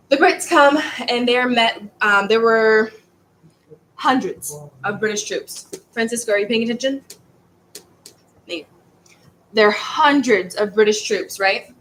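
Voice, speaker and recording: A woman's voice: on the high side, fairly bright tone, low-quality recording. A woman teaching a history class in a casual, rambling way, stumbling over words and restarting.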